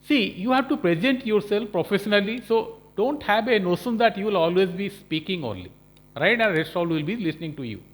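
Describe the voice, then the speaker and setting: A professor lectures in a high voice. He explains each point step by step and keeps checking in with his listeners. He sounds like a man giving a recorded lesson. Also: expressive, fairly quick. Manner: explanatory, checks in with frequent "Okay?" and "you know". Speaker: professor lecturing on management skills.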